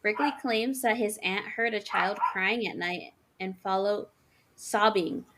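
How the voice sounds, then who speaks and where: A woman's voice: mid-range voice, a little slow, a bit bright. A woman co-hosting a podcast, retelling spooky stories in casual chat. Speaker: podcast co-host.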